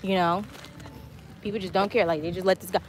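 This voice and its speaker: A woman's voice: medium pitch, steady tone, fairly quick. Chatty woman on a noisy outdoor stream. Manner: chatty, reading viewer comments aloud. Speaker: travel vlog host. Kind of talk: casual live-stream chat while walking. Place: outdoors on a walking tour. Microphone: handheld phone camera. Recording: noisy outdoor phone audio.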